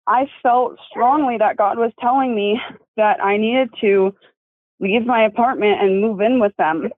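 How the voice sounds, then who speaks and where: Young woman guest, slightly high voice, emotional and halting, heard down a tinny phone line. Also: no echo. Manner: tearful, apologetic, halting, laughs often while soothing her baby. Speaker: guest telling her testimony. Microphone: phone call.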